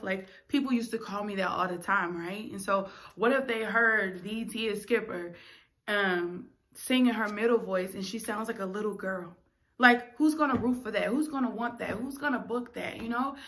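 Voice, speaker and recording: A woman's voice: mid-range voice, normal speed, fairly bright tone. A young adult woman, a singer and vlogger, telling a candid, emotional personal story straight to her viewers.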